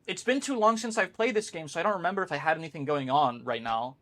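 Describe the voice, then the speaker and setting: A man's voice: a little high, fast, fairly bright tone. A man streaming a video game live, chatting casually with his viewers, rambling, swearing freely and laughing often. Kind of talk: casual live-stream chat while gaming.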